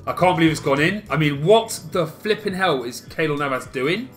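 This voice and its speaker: Male co-player, exasperated gaming banter, lively pitch, music bed behind. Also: a little fast. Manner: exasperated, animated outbursts at the game. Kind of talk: excitable casual gaming banter. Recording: game music playing behind.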